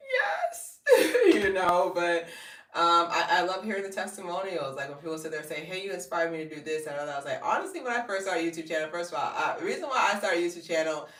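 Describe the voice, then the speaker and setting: A woman, chatting live to viewers as a hair and fashion vlogger, telling animated stories and laughing often. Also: fast, distant mic. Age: 30s. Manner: animated storytelling, jumps high when quoting people. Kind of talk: casual live-stream chat. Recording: roomy, set back from the mic.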